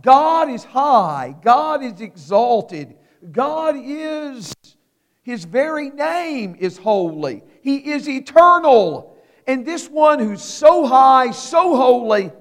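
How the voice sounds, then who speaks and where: A man preaching a sermon, slow and emphatic with dramatic pauses. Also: very high voice, very animated. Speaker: pastor. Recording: long hall reverb.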